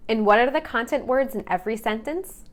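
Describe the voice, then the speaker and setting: A woman teaching English pronunciation in a clear, deliberate, scripted lesson narration. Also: a little high. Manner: clear, deliberate teaching delivery with modeled stress patterns.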